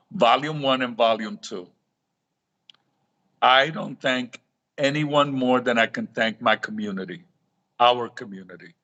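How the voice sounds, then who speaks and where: Middle-aged man telling lively stories. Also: medium pitch, dull audio. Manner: animated storytelling, acting out quoted dialogue with repeated restarts. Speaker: guest, reef aquarium author. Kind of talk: storytelling in a live talk show interview.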